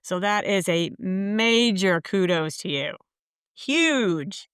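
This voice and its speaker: A woman hosts a podcast with a smooth, clear voice in a dry, close sound. She talks to her guest in an effusive, encouraging way and is quick to praise. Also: medium pitch, lively intonation, fairly bright tone, no echo. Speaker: podcast host. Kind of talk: conversational interview.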